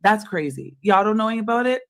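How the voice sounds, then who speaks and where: A woman with a mid-range voice trading blunt, sarcastic comebacks in a heated call. She talks fast when she pushes back and keeps it casual throughout. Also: medium pitch, expressive. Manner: sarcastic, blunt, quick retorts.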